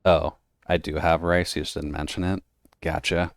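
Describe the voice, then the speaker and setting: Male streamer, very low and smooth, rambling chat with frequent laughs. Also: level tone, normal speed, dry recording, clean studio sound. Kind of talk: casual chat while gaming.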